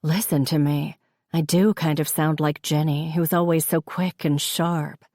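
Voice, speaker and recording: Low-voiced woman narrating a novel. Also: steady tone, unhurried, mellow, no room sound, studio quality. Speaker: audiobook narrator. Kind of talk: first-person scripted narration.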